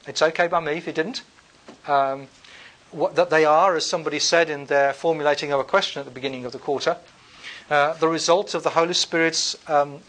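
A man giving a classroom lecture, thinking aloud with many fillers and restarts, wry and relaxed. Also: on the high side.

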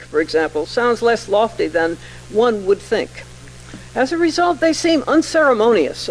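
Gravelly older woman giving a lecture. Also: medium pitch, slight background noise, poor audio. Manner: measured, precise, wry. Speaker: English professor giving a lecture. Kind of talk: formal lecture with poetry read aloud. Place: lecture hall.

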